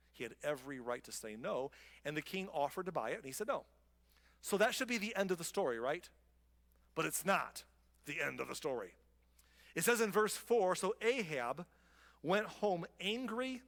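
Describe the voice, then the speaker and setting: Man, pastor, conversational sermon, wry asides, slightly high voice, long hall reverb. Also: a bit bright.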